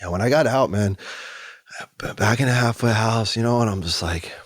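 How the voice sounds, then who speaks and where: A man telling his story in a candid, animated conversational way, often slipping in "you know" and "man". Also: on the low side, moderate pace, dry recording, studio quality. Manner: animated, acts out other voices, frequent "you know" and "man". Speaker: guest.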